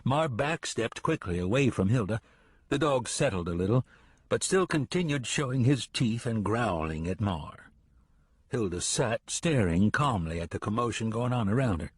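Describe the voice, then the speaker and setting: A man narrating an audiobook in a steady, even reading. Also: medium pitch, moderate pace, breathy edge, dry recording, studio quality. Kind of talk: scripted narration.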